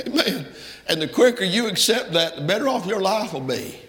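A man preaches, his voice gravelly and slightly high. His delivery is fervent and builds to loud, emphatic peaks. The recording carries a long reverb that makes the hall sound big and distant. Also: very animated, brisk. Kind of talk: sermon. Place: church sanctuary. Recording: echoey hall from far off.

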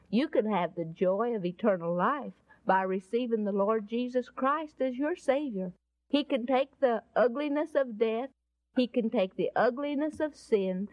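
A woman narrating a Bible story in a folksy, expressive way and appealing to the listener. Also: fairly high pitch, dry recording. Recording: dull lo-fi recording.

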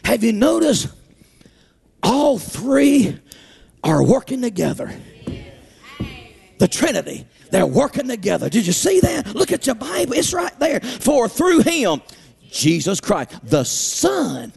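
A man delivers a fervent sermon in a church, his lines climbing into half-sung cries and shouts. His very high voice has a gravelly edge, swings widely in pitch, and keeps a measured pace. It echoes through a large hall over faint music.

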